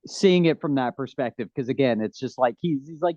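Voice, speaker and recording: A man's voice: mid-range voice, brisk, darkish tone, no echo, highs cut off. A man talking casually and animatedly on a podcast, rambling with many fillers.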